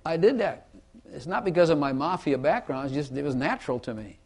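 A man explains Bible passages in a relaxed, chatty way, his voice sitting a bit on the high side. He is emphatic, repeats lines for effect and plays with his inflection to drive a point home. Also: fairly quick. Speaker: Bible teacher. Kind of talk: casual Bible teaching chat.

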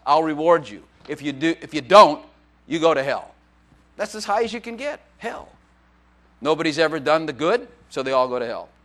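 A man's voice: a little high, fairly bright tone. A man preaching as a pastor in a church, in a joking, conversational way with playful acted quotes. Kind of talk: sermon.

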